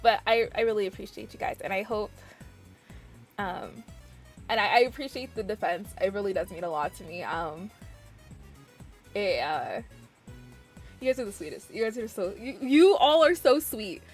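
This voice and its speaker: A woman's voice: medium pitch, moderate pace, long pauses, soft background music. A young woman streamer chatting casually with her viewers, gushing and giggling, often restarting her sentences. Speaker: variety streamer.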